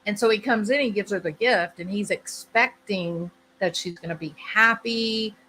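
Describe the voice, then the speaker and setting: Explaining a topic on her channel in casual conversation, a woman often repeats points and checks in with a "right?". Her bright, forceful voice sits at medium pitch and normal speed, on a low-quality recording with a little hiss or hum.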